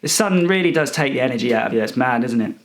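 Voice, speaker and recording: A young man telling a rambling, self-righteous comic story in a deadpan, indignant manner. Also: medium pitch, fast. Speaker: comedic character monologue performer.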